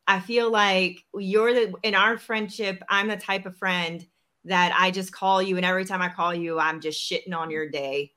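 A woman telling a personal story in a casual podcast chat, animated and acting out the lines of the people in it. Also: lowish voice. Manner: animated, acts out quoted dialogue. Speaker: podcast host.

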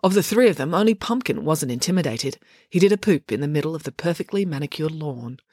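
A woman narrating an audiobook story with expressive storytelling. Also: deep voice, quick pace, no room sound, studio quality.

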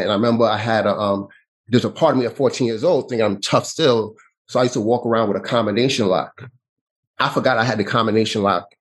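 A man, telling a personal story as an interview guest, with halting speech that often restarts and repeats. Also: lowish voice, low-quality recording. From New York City. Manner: halting, with frequent restarts and repetitions.

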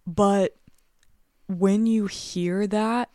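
A woman's voice: mid-range voice, steady tone, extremely slow, mellow, no echo, clean studio sound. A woman co-hosting a true crime podcast, alternating casual chat full of 'like' with read narration. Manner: casual, chatty, with frequent 'like'. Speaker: podcast co-host.

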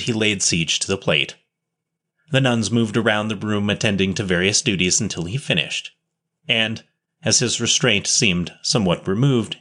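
A man reading an old story aloud in a measured, earnest way. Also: on the low side, pushed and bright. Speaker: narrator.

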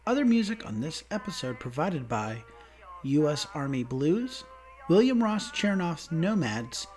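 A young adult man co-hosting a podcast in casual chat, chatty and fond of puns, getting animated when he gushes. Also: on the high side, measured pace, faint music behind. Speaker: podcast co-host.

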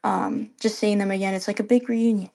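A woman's voice: medium pitch, fairly even intonation, fairly quick, gravelly, warm tone. A woman co-hosting a podcast, chatting in an easygoing, encouraging way. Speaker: podcast co-host. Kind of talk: casual podcast chat.

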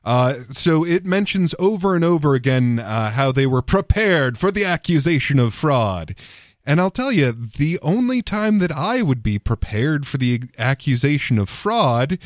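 A man's voice: a little high, big pitch swings, a little slow, no room sound, studio quality. A man co-hosting a talk radio show, joking sarcastically and reading passages aloud. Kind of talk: casual radio banter, reading quotes aloud.

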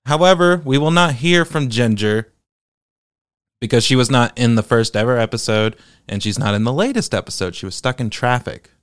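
A man hosting a commentary podcast, talking in an animated, incredulous way. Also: mid-range voice, normal speed, smooth, dry recording, clean studio sound. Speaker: podcast host.

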